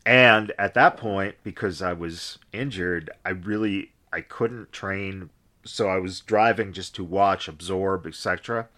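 Deep, measured, and sharp in tone, this man hosts a podcast and keeps the interview chat casual. He asks long, meandering questions, often starting over mid-thought.

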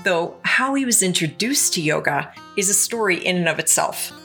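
A woman's voice: lowish voice, lively intonation, normal speed, music in the background. A woman hosting a podcast, narrating scripted segments with asides to the listener. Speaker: podcast host.

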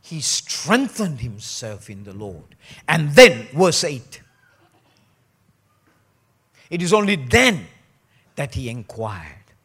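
Lively, joking male preacher. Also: takes it slowly, pauses often, slightly rough. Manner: lively, joking, mimics people, drops to a low earnest tone. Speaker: pastor. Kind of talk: sermon.

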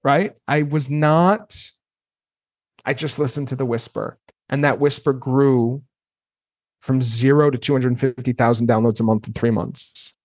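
A man in his thirties guests on an interview podcast, telling his story casually and with animation as he acts out how he once reacted. His medium-pitched voice is unhurried, with clean studio sound and no echo.

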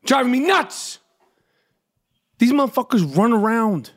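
Brief: middle-aged New podcast host, high-pitched, profane comic rant with shouted outbursts. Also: male voice, big pitch swings, a little slow. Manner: profane, ranting, yells in bursts.

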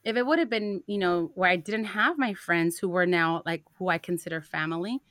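A woman's voice: fairly low pitch, a little fast, fairly bright tone, no room sound. Chatty woman mixing in Spanish, dry sound. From Mexican-American family. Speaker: podcast co-host. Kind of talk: casual chat.

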